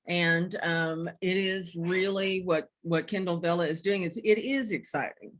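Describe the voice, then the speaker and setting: A woman's voice: on the low side, fairly even intonation, unhurried, hardly any pauses. A woman hosting a podcast, asking questions in a frank, playful, casual way. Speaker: podcast host. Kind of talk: casual interview chat.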